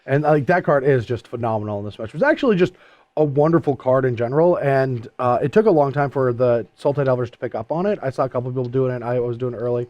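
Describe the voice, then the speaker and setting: A man's voice: medium pitch, fast talker, dry recording, dull audio. Chatty, jokey man, dry close sound. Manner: animated, laughing, jokey. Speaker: co-host. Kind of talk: casual post-match chat.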